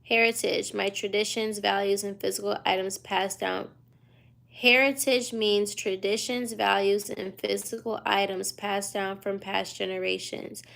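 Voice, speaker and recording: A woman's voice: medium pitch, little pitch movement, unhurried, gravelly, fairly bright tone. A woman in her twenties from the United States, tired and yawning, chatting casually on a livestream from a hotel room at night. She reads viewer questions aloud and answers in a loose, slangy drawl. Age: 20s.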